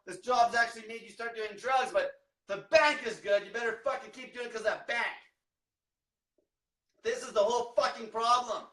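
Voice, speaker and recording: Young male diet coach, high bright voice, blunt and profane, recorded in a roomy space. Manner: blunt, aggressive, swears constantly. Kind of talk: profane motivational rant. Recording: echoey room, mic at a distance.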